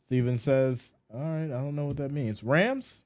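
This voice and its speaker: A man hosting a casual sports live stream, reading viewer comments aloud and answering them in an animated, mock-exasperated way. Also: medium pitch, moderate pace.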